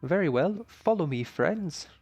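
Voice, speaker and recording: A man's voice: on the high side, lively intonation, unhurried, darkish tone, breathy edge, faint music behind, voice pushed up, exaggerated voice. A man voicing a woman dojo master with a put-on British accent, speaking in a gracious, slightly formal way.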